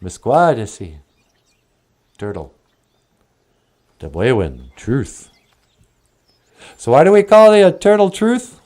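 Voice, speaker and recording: A man hosting and telling traditional stories in a slow, musing, casual way, laughing often. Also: mid-range voice, a little mellow, clear, resonant tone. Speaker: storyteller and host. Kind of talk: casual storytelling.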